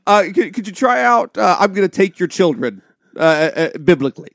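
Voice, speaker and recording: Give me a high-pitched man reading listener mail on a comedy podcast, full of fillers. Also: big pitch swings, creaky, a bit bright, no room sound, studio quality. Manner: halting, many fillers. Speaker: podcast co-host.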